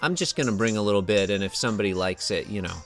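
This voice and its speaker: A man's voice: lowish voice, fast, faint music behind. A man hosting a comedy podcast, casual and wry, explaining a made-up game with mock authority and fancy words. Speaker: podcast host running a game.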